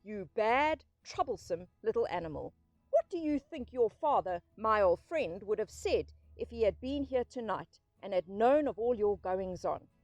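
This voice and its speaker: Audiobook: woman doing a severe, dry-voiced old badger, commanding, lively inflection. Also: medium pitch, moderate pace, no room sound, natural voice. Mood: stern. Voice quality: thin, dry voice. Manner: severe, commanding, then gently soothing. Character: stern wise old male badger.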